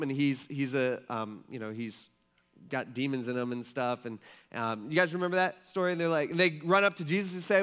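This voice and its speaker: Animated casual pastor preaching. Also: male voice, fairly high pitch. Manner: casual, rambling preaching with many "like" and "um" fillers; animated, swings between loud emphasis and quiet asides. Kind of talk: sermon. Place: church sanctuary.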